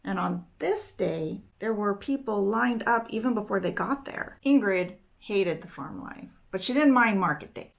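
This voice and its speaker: A woman's voice: medium pitch, vocal fry. A young woman casually retelling a story while she works, chatty, reporting the dialogue with "she's like" and "he's like". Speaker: book summarizing nail vlogger.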